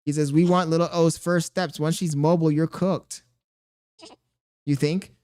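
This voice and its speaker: A man's voice: a little high, flat delivery, a little slow, darkish tone. A man streaming live, reading chat comments aloud and cooing at a baby in a playful, mock self-pitying way. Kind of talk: casual livestream chat.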